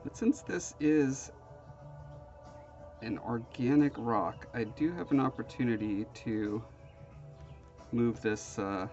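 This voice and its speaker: A man's voice: medium pitch, slow, long pauses, a little mellow, muffled recording, soft background music. A man with a sniffly, nasal voice, hosting a casual hands-on crafting tutorial in a self-deprecating, rambling way. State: sniffly, congested. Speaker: crafting show host.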